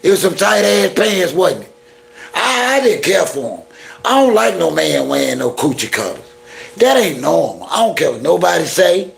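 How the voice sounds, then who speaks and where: A man with a raised pitch and a rough, gravelly voice hosts a casual live stream. He chats with viewers in playful flirty banter. He also launches into blunt, exasperated rants. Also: sing-song, moderate pace. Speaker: YouTube live-stream host.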